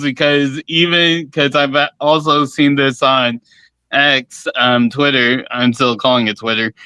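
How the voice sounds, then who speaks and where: A man's voice: a little high, pushed and bright, smooth, dry recording. A man in a casual livestream chat, explaining something hesitantly with many restarts.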